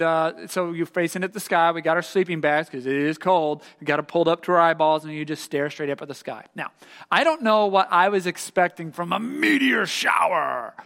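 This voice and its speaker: A middle-aged man preaching a sermon, an animated storyteller who acts out the voices in his story. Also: a little high, clean tone, big-room sound. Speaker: pastor. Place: church sanctuary.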